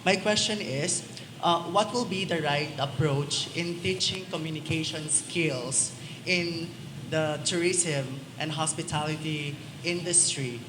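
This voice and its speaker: A woman's voice: low-pitched, measured pace. A woman from the audience asking a question formally. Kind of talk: question from the floor. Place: large event hall. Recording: echoey hall, noise behind.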